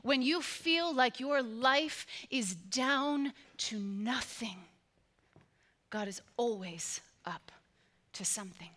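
A woman's voice: a little high, animated, extremely slow, a bit bright. A woman pastor preaching a sermon to her congregation, with an emphatic, repetitive cadence.

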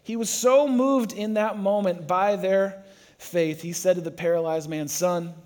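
A man's voice: high voice, a little slow, darkish tone. A man preaching a sermon to a congregation, who tells the story with energy and acts out the voices. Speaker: pastor.

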